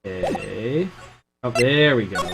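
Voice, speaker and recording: Woman voicing a flustered young male lawyer, lowered voice, stammering, lively pitch, game music. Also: takes it slowly, gravelly, exaggerated voice. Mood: plain.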